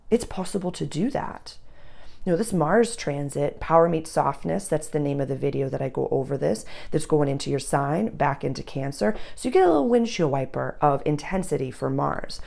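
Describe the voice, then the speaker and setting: A woman's voice: low voice, gravelly, darkish tone. A woman astrologer giving a casual, chatty reading for the signs, loose and full of fillers.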